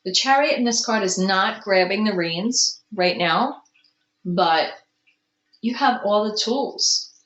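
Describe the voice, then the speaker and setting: A woman doing a casual tarot reading to camera, slow and musing, with soft gushing exclamations and an allergy-roughened throat. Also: medium pitch, expressive, echoey room, dull audio. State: clearing her throat from allergies. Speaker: tarot card reader.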